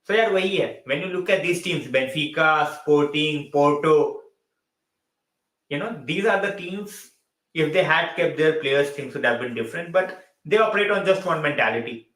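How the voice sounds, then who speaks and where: A man's voice: a little high, moderate pace, fairly bright tone, roomy sound, rough recording. Man mixing Hindi and on a stream. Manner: switches between Hindi and English mid-sentence, repeats phrases. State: tired and yawning late at night. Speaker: football channel host. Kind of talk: live stream football chat.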